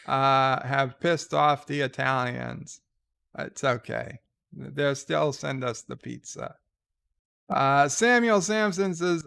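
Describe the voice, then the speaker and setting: Slow, gravelly man. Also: on the high side, fairly bright tone. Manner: rambling and wry, with restarts and asides. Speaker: livestream host. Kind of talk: casual livestream chat, reading viewer comments aloud.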